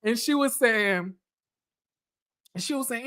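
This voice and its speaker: Slow-talking woman dishing blunt commentary. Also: fairly high pitch, a bit bright. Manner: blunt, profane, repeats phrases for emphasis. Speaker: reality TV commentator. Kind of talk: casual reaction commentary.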